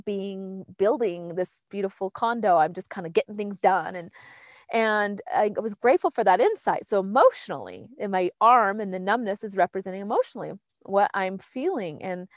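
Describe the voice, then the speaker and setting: Earnest woman musing out loud, casual heartfelt chat, dry sound. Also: mid-range voice, lively intonation, normal speed, no room sound. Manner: earnest and reflective, meandering with restarts.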